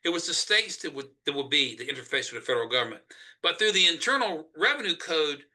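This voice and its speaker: A man's voice: on the high side, expressive, quick pace. A man with a Southern US accent, speaking emphatically as a Senate candidate in a political interview. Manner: emphatic, forceful argument.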